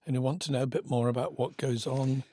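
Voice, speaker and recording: A man's voice: medium pitch, steady tone, quick pace, warm tone, dry recording, clean studio sound. An older man, co-hosting a casual podcast chat and laughing often. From England. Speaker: podcast co-host.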